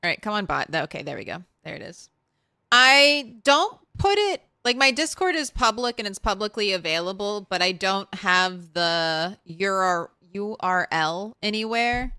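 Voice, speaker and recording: A woman's voice: mid-range voice, lively intonation, normal speed, pushed and bright, smooth, dry recording, clean studio sound. A woman from the Southern United States streaming a game and chatting with her viewers in a blunt, talkative way, swearing and laughing now and then. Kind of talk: casual chat while streaming a game.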